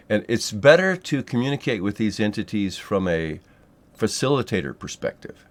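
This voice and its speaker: A man teaching a spiritual technique in a loose, rambling monologue, swearing freely and filling pauses with ums and yeahs. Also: medium pitch, very animated, fairly bright tone. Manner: loose and profane, rambling with many fillers. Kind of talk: casual monologue to camera.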